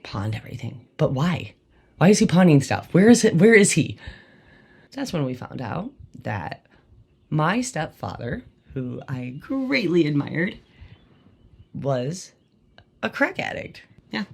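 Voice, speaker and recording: Here the gravelly, middle-pitched podcast host reminisces candidly, his delivery sing-song, slow and full of pauses. Casual and rambling, he leans on "like" as filler before stressing his points emphatically.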